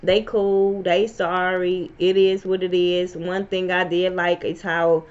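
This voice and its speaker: A woman, reviewing reality TV in a blunt, profane, animated rant. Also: on the low side, slow. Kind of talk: casual opinion vlog. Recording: slightly dull lo-fi sound.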